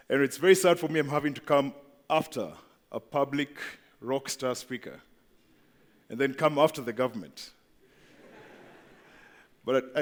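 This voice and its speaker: A man giving a presentation to an audience, chatty and asking the crowd questions. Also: medium pitch. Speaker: company speaker at event. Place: large event hall. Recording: long hall reverb.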